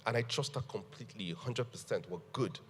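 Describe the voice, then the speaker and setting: A man telling an animated story on a panel, laughing and acting out what people said. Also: mid-range voice, a little fast, long reverb tail. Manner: animated, laughing storyteller who acts out quotes. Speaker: guest.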